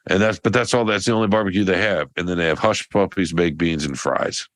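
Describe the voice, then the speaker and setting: A man's voice: deep voice, a little fast, fairly bright tone, dry recording. A man co-hosting a podcast, telling a long, rambling story in casual chat with many restarts. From American South. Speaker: podcast co-host.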